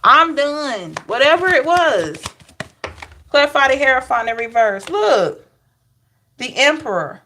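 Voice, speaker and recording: A woman giving a casual, chatty tarot reading to her viewers, animated, with laughs and asides to the chat. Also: high voice, unhurried, pauses often, slight background noise. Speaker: tarot reader.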